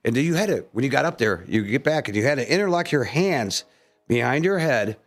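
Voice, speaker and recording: A man's voice: mid-range voice, expressive, brisk. A man co-hosting a morning radio show, talking into a studio microphone. He rambles through long stories and jokes, acting out the voices and laughing easily. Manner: rambling storyteller, laughs often, acts out voices. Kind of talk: casual on-air banter and joke telling.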